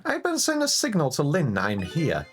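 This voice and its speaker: A woman's voice: low voice, huge pitch swings, normal speed. A woman voicing an earnest male ghost narrator, reading game dialogue aloud over game music. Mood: anxious.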